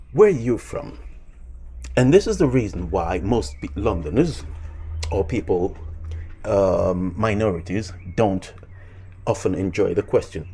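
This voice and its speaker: A man's voice: on the low side, mellow, husky. A man hosting a video, talking in a rambling way with frequent fillers and false starts. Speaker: video host. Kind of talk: casual commentary.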